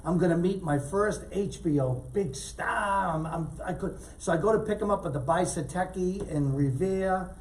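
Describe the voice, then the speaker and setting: Man, storytelling guest, slightly high voice, distant mic. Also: normal speed, hardly any pauses, a little hiss or hum. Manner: animated storyteller, acts out quotes loudly. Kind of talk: storytelling chat.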